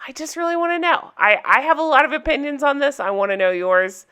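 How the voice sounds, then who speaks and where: A woman's voice: sits high, animated, a little fast, pushed and bright. A woman recapping a reality TV episode for her viewers in casual chat, candid and chatty, laughing often.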